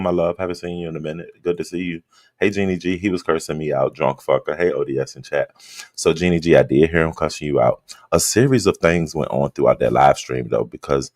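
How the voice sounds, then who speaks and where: Male streamer, extremely low voice, sleepy late-night drawl, dry close sound, chatting with viewers. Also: no echo. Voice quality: just-woke-up low drawl. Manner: relaxed, greets chat members by name. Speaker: livestream host. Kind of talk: late-night casual livestream chat.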